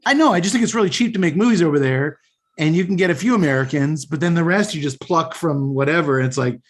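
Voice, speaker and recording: A man's voice: on the high side, fast. Rambling opinionated man hosting a podcast. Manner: rambling, opinionated, frequent restarts. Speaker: podcast host. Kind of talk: casual chat.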